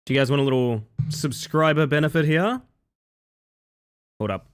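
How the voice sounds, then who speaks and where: A man streaming live, chatting casually with viewers. He is excitable, swears and laughs often, and swings between loud outbursts and soft low asides. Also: moderate pace, smooth.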